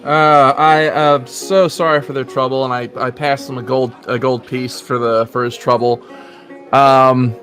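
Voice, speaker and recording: A hesitant man playing a tabletop game, with a mid-pitched voice and frequent stammers. Faint music plays behind him. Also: level tone, measured pace, fairly bright tone. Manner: hesitant, many fillers. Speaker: player.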